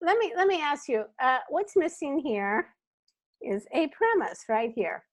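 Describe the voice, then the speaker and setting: A woman coaching comedy in casual talk, halting, with many fillers. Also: high-pitched, big pitch swings.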